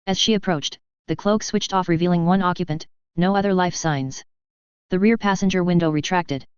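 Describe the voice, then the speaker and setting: Woman audiobook narrator, smooth low voice, dead-dry slightly muffled sound. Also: moderate pace, no room sound. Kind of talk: scripted story narration.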